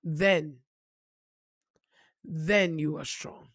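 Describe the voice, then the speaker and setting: A woman's voice: low-pitched, fairly even intonation, drawn-out words, no echo, clean studio sound. A woman giving a blunt, emphatic motivational monologue and swearing freely, calling the listener "baby". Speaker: spiritual reader.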